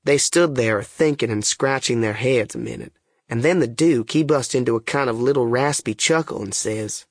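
A man's voice: mid-range voice, moderate pace, no room sound, studio quality. A man narrating a first-person story in a plain, folksy dialect, as an audiobook reader.

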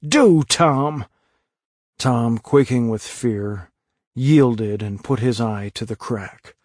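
A man reading a story aloud as narrator, slow and measured. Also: lowish voice, fairly even intonation, dark tone, no room sound, studio quality. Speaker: audiobook narrator. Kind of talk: scripted narration.

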